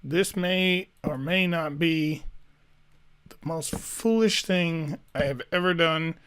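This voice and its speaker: A man narrating his own building game in a slow, unhurried way, pondering each step out loud. His voice sits a little on the high side for a man, and he muses and mutters to himself while he plays. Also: clean tone. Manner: thinks aloud, musing and self-talking. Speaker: gaming YouTuber. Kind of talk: let's play commentary.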